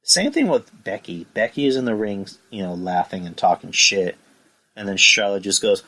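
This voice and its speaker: Brief: profane podcast host, lowish bright voice, rambling and worked up. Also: male voice, big pitch swings, normal speed, rough recording. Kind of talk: casual wrestling review podcast.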